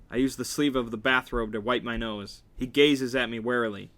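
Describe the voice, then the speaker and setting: Bright-voiced man reading a novel aloud. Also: medium pitch, fairly even intonation, a little fast, few pauses. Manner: wry reading with joking asides. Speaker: reader.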